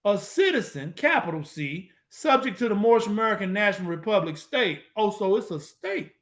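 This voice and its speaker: High-voiced man lecturing with repetition. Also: sing-song, fairly bright tone. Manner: preacherly, repeating phrases for emphasis; casual, drawn-out delivery with slang. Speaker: speaker presenting to an online audience. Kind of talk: emphatic lecture. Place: at a computer, sharing his screen.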